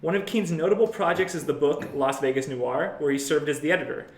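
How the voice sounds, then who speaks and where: A man's voice: on the high side, brisk, reverberant. A man co-hosting a casual podcast, joking and laughing often while he reads an introduction aloud. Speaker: podcast co-host.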